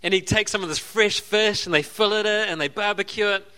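Bright-voiced Australian pastor, chatty. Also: male voice, high voice, fairly quick, smooth. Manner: conversational storytelling with asides and laughs. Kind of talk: sermon.

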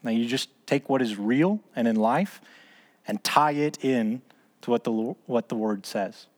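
This mid-range male voice is lively in intonation yet unhurried. He's a man in his thirties or forties leading a small discipleship group at church, teaching in an easygoing way that has him answering his own questions, and the session ends in prayer.

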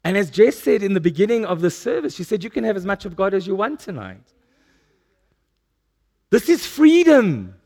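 Animated high-voiced male preacher. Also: normal speed, pauses often. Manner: animated storytelling with self-mocking humor. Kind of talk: sermon. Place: church service.

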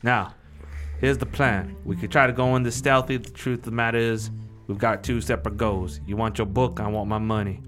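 A man with a lowish voice plays his character at a tabletop game. He talks in a bossy, profane way and hands out orders, with music running underneath. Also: steady tone, a little fast, fairly bright tone. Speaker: player. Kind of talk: in-character tabletop role-play.

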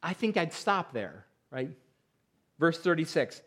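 A man's voice: fairly high pitch, sing-song, moderate pace, fairly bright tone. A man, a pastor, preaching a sermon, reading scripture aloud with rising emphasis and explaining it in plain talk.

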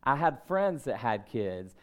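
A man in his thirties preaching a sermon, telling stories about himself in a relaxed, conversational way and breaking into emphatic bursts. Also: medium pitch, a little slow, clean tone. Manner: conversational, self-deprecating storytelling with emphatic bursts. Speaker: pastor.

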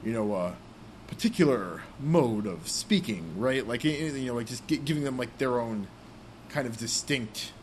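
A man's voice: medium pitch, animated, normal speed, a little mellow, slight background noise. A young man co-hosting a casual podcast about role-playing games, rambling with many fillers. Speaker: podcast co-host.

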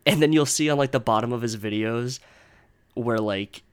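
A man's voice: medium pitch, moderate pace, clear, resonant tone. A young man hosting his own podcast, ranting casually and exasperatedly, swearing often and rambling with lots of fillers. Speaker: podcast host. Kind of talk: casual solo rant.

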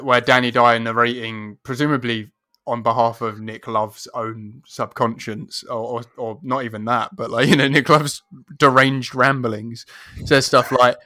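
A man's voice: medium pitch, fairly even intonation, measured pace, sharp tone, no room sound. Man, podcast co-host, rambling and sweary, dry close sound. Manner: rambling, sweary, laughs often, mimics film lines. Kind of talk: casual chat.

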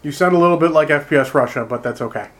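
A man's voice: on the high side, racing, a bit bright. A man running a tabletop role-playing game as game master, explaining rules and joking with the players.

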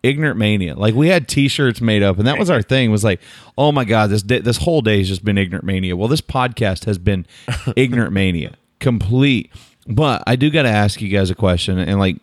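Easygoing lower-voiced podcast host. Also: male voice, dry recording, clean studio sound. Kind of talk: casual chat.

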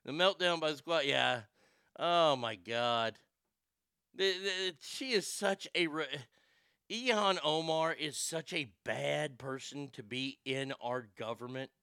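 A man's voice: fairly high pitch, slow pace, sharp tone, clear, resonant tone, no room sound, studio quality. A man hosting a casual live-stream show, ranting profanely and reading chat comments aloud. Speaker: talk show host.

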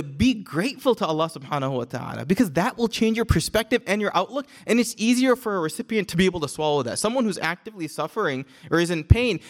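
A man explaining a religious text to a class, with a conversational manner, rhetorical questions and quick recitation. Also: high-pitched. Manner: conversational, thinks aloud with restarts and rhetorical questions; recites Arabic verse quickly. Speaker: Islamic teacher.

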